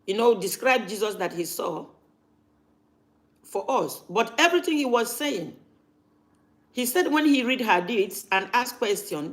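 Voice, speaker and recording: A woman's voice: fairly high pitch, animated, unhurried, long pauses. A woman, talking casually to camera as a vlogger and repeating her points for emphasis.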